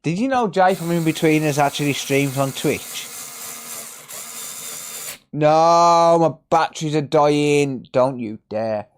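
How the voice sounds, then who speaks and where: A man's voice: fairly high pitch, moderate pace, few pauses. A man chatting cheekily with viewers on a live repair stream. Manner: cheeky banter, jokey and a bit sweary. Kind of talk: casual live-stream chat.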